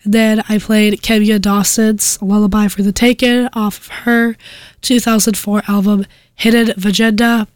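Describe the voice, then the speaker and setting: Sick young woman, soft flat voice. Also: medium pitch, normal speed, dry recording. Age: young adult. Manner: rambling, hesitant with restarts. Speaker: student radio DJ. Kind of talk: casual radio chat between songs.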